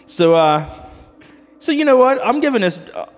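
A man's voice: very high-pitched, sing-song, normal speed. A man in his thirties co-hosting a podcast, reviewing beer in a rambling, crude, joking way. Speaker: podcast co-host. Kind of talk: casual beer review chat. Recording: long reverb.

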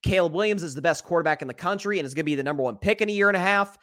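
High-voiced East Tennessee podcast host. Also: male voice, a bit bright. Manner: upbeat, quick restarts and repeats. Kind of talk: casual sports podcast chat.

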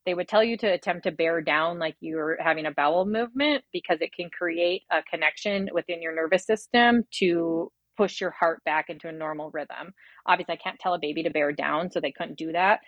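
A woman's voice: lowish voice, dry recording, dull audio. Woman telling a raw birth story. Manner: quick, rambling, many fillers and acted-out inner quotes. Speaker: guest sharing her birth story. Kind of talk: emotional personal storytelling.

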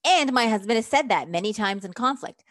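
A woman relationship coach, speaking as an interview guest, lively and emphatic, acting out quoted lines as she explains her method. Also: on the high side, a little fast, no echo, studio quality.

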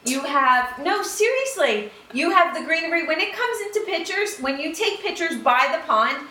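A woman's voice: very high voice, lively intonation, normal speed, echoey room, noisy background. A woman co-host in casual chat, hesitant with ums but enthusiastic. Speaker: podcast co-host.

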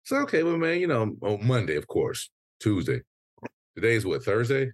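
Animated, profane man telling a story. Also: on the low side, moderate pace, dry recording, studio quality. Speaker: podcast co-host. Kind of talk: casual chat, venting story.

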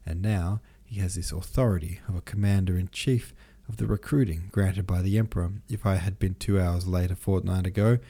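A man's voice: low-pitched, fairly even intonation, a little fast, few pauses, dark tone, husky. A man reading the part of a brooding, bitter young nobleman who argues in a gloomy, cutting way.

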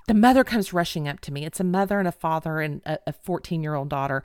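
A middle-aged woman telling a funny personal story in an animated, dramatic, self-mocking way. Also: low voice, quick pace, hardly any pauses, smooth, dry recording, studio quality. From Texas.

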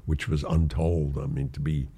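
A man's voice: a bass voice, moderate pace, breathy edge. An older man casually telling show-business stories, acting out the voices in them and often laughing. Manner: animated storyteller who acts out quoted voices and laughs often. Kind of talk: casual anecdote.

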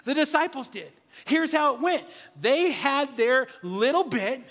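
A man preaching a sermon as pastor of a church, talking to the congregation in a lively, conversational way. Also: very high voice, unhurried. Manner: energetic, conversational preaching, drops to a hushed voice near the end. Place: church sanctuary. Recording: long reverb of a large hall.

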